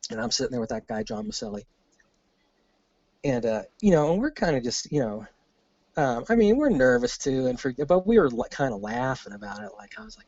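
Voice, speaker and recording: A man's voice: medium pitch, brisk, creaky, no echo, highs cut off. A man, an army veteran and podcast guest, telling a story casually, cursing freely and acting out the lines of the people in it. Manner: animated, profane, acts out quoted dialogue.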